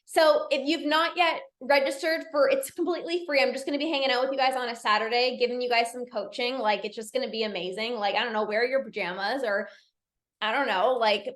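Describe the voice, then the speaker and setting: High-pitched lady coach hyping up her listeners, chatty, kinda echoey room. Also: steady tone, a little fast, fairly bright tone. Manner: upbeat, chatty, encouraging, many "like"s and repeats. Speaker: binge eating coach and podcast host. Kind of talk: casual live-stream pep talk.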